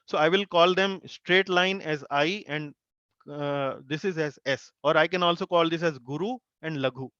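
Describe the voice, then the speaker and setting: A man teaching an online class, his voice a little high for a man. He explains slowly, repeats syllables and fills gaps with "uh". The sound is dull and lo-fi, close and dry. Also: pushed and bright, clear, resonant tone, no room sound. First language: Hindi. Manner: slow explaining with many fillers and repeated syllables. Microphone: video call.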